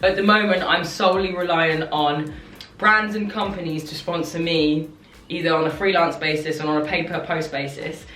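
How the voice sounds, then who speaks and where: A young woman talking candidly and ramblingly to camera in a confessional vlog. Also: mid-range voice. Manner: rambling, candid, self-reflective. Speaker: content creator. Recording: echoey room, distant mic, soft music.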